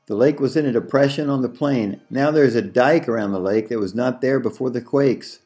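A man narrating an audiobook story in a slow, measured reading. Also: mid-range voice, darkish tone, soft background music.

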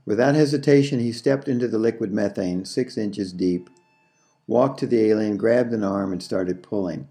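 A man narrating an audiobook story in a slow, measured reading. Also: fairly low pitch, warm tone.

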